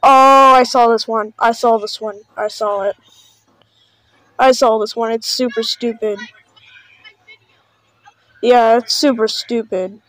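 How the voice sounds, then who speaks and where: A woman's voice: a little high, steady tone, takes it slowly, pauses often, a bit bright, no room sound, poor audio. A woman doing casual reaction commentary on videos, sarcastic and full of mock panic.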